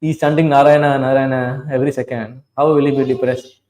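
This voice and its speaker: A man's voice: mid-range voice, level tone, brisk, warm tone, rough recording. A man giving a devotional class, telling scripture stories, chanting verses and asking his listeners questions. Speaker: preacher.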